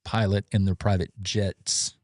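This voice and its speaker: A man's voice: low-pitched, a little slow, no room sound. Playful man, dry sound. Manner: playful, animated storyteller, self-mocking jokes. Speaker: podcast co-host. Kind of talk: casual podcast chat.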